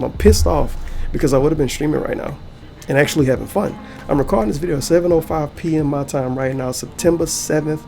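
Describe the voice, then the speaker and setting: Male YouTuber, gravelly, fired-up reaction rant, heavy profanity. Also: on the high side, warm tone. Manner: heated, profane ranting. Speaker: YouTuber and streamer. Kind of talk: angry reaction commentary.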